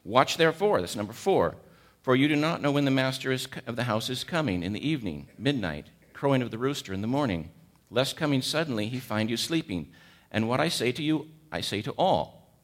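A man's voice: mid-range voice, expressive, brisk. A man in his sixties with a cold, preaching a sermon, emphatic and repeating key words as he questions the congregation. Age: 60s. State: has a cold.

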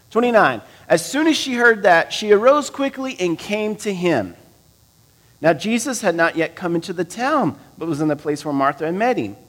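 Delivering a sermon, a high-voiced pastor reads from scripture and unpacks it in a conversational style. He poses questions to his audience, and his volume moves back and forth between loud and soft.

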